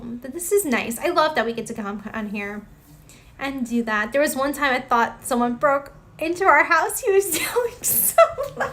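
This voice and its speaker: Greeting viewers by name and exclaiming often, this young woman chats casually on her live stream as she reads their comments. Her voice is high-pitched, pushed and bright.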